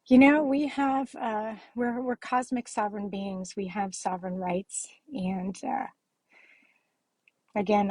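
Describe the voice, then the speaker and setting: A woman talking straight to her viewers in a tearful, upset way. Her voice is gravelly and a little husky, with many halting filler sounds. The recording is close and dry. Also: on the high side, a little mellow, no echo, poor audio. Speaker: spiritual vlogger. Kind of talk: emotional direct-to-camera appeal.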